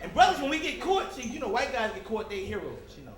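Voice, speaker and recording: A man doing a stand-up comedy set, animated, talking straight to the crowd and slipping into loud character voices. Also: very high-pitched, quick pace, echoey room. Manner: talks directly to the crowd. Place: comedy club stage.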